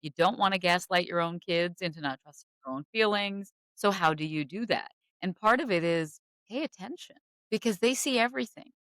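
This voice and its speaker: A woman's voice: on the low side, a little fast, fairly bright tone, no room sound. A woman hosting a podcast, giving earnest, reflective advice in conversation. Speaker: podcast host.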